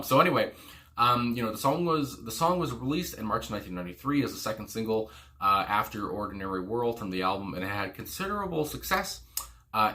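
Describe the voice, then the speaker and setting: A man's voice: lowish voice, bright, forceful tone. A man hosting a music reaction video, rambling casually with lots of "you know" fillers and frequent exclamations. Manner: exclaims "my God" often.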